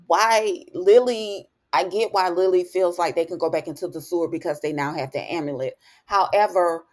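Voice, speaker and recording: A woman giving a chatty, animated episode recap in casual talk, dropping in words like honey and baby. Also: lowish voice. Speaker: TV recap vlogger.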